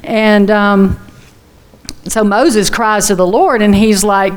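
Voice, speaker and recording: A woman's voice: medium pitch, fairly even intonation, slow pace. A woman preaching a chatty, folksy sermon full of personal asides. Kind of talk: conversational sermon.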